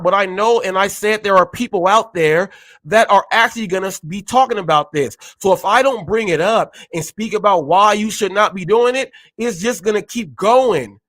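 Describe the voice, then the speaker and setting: An adult man and parent with a Californian accent hosts a gig-economy show, ranting with indignation and emphatic repetition in heated live commentary. His voice is high-pitched and a bit bright, recorded without echo.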